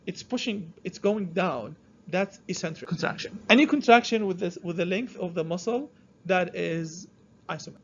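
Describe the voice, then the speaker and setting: A man giving a classroom lecture. He talks in a halting way, restarts his sentences and keeps checking whether the class follows. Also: high voice, highs cut off, a little hiss or hum.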